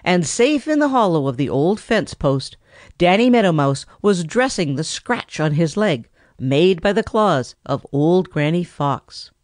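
A storybook narrator telling a classic children's animal tale. The pitch is lively and expressive throughout. The recording is dry and close, with no room sound. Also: a little slow, dry recording. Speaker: audiobook narrator.

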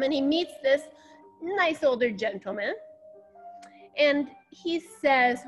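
A woman's voice: high-pitched, faint music behind. A woman ballet teacher telling a fairy tale to young children and guiding them through dance steps with counting. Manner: slow, animated storytelling with counting instructions. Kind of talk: storytelling dance class for children.

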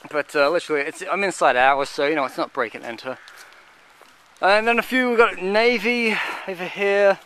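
Guy vlogging on a walk outside, kinda high smooth voice, lots of ums. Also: bright, forceful tone. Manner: halting, lists items with many fillers. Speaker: vlogger touring a cemetery. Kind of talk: casual walking commentary. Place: outdoor cemetery.

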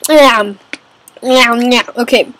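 A woman's voice: fairly high pitch, takes it slowly, fairly bright tone, no echo, poor audio. A woman giving casual let's-play commentary on a kingdom game, chatty and exclaiming, calling everyone man and dude. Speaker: gamer playing a kingdom game.

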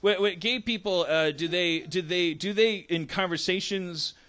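A man in his forties hosts a casual comedy podcast. He rambles and stammers through many restarts. His voice is bright and forceful, and it sits a little high. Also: moderate pace. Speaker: podcast host.

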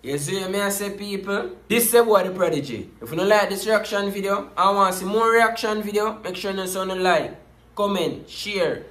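A man's voice: high-pitched, moderate pace, a bit bright. A man hosting a reaction video, talking casually to his viewers in a preachy way and often circling back with "you see me, I say.". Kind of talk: casual commentary to camera. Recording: roomy echo.

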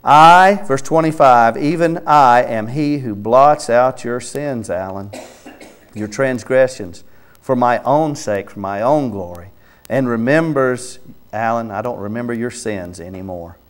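A man's voice: medium pitch, measured pace, clear, resonant tone. A man preaching a sermon in church, reading scripture aloud emphatically and commenting on it. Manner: reads scripture aloud with his own name inserted, then comments; emphatic, rising to loud exhortation. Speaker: pastor. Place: church sanctuary.

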